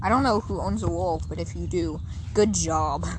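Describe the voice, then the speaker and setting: A woman's voice: fairly low pitch, normal speed. A woman chatting casually as co-host, playful and teasing, joking between the dogs and her friend. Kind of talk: casual chat. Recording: noisy background.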